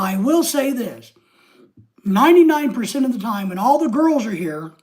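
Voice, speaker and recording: Older guy chatting on his livestream, rambles, reads chat out loud, pretty high voice. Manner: rambling, reads chat comments aloud, greets viewers. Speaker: livestream host.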